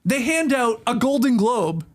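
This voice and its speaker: A man's voice: very high voice, unhurried. A Canadian man hosting a sports podcast, joking and upbeat as he runs the show. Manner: upbeat, animated, jokey. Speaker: podcast host. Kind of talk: casual sports podcast chat.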